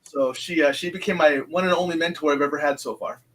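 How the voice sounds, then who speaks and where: Chatty man in his fifties, higher-pitched. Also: fast, fairly bright tone, rough recording. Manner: rambling, re-enacts dialogue, many fillers and restarts. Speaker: guest, psychic medium. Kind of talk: casual interview storytelling.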